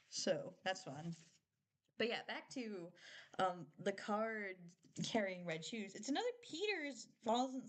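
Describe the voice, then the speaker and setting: A young woman chatting casually on a live stream, rambling with lots of filler words and frequent giggles. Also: mid-range voice. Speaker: streamer reviewing a TV show.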